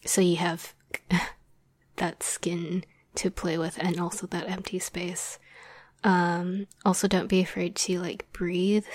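Young woman, whispered role-play talk, breathy and dry, slow and flat, rambling with fillers. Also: on the low side, no echo. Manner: soft rambling whisper with many fillers and light laughs. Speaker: audio drama script writer.

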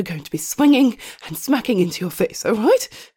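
A breathy, husky young woman, panting and out of breath as she talks. Her pitch swings widely from low murmurs up to high exclamations, and she keeps slipping into a soft whisper. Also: sing-song, moderate pace.

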